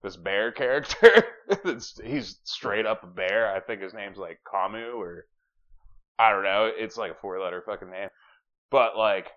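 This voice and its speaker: A man's voice: fairly low pitch, fairly even intonation, measured pace, a bit bright. A man hosting a podcast, chatting casually, rambling and swearing, sometimes reading from notes. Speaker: podcast host. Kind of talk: casual chat. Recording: dull lo-fi podcast audio.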